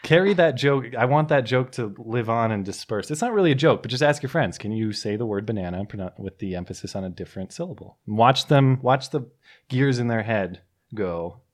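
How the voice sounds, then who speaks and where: A man hosting a podcast, chatting casually and joking with animated bursts. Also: medium pitch, fairly quick. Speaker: podcast host. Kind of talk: casual chat.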